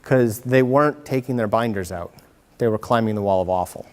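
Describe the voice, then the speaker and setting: A man giving a lively workshop talk to parents, acting out kids and parents in quick voices. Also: lowish voice. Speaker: workshop presenter. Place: meeting room. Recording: hall reverb from a community-TV taped talk.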